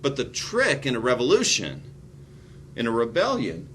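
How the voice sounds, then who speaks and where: A man teaching a recorded history lesson, animated and prone to sarcastic asides. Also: mid-range voice, moderate pace, a little hiss or hum.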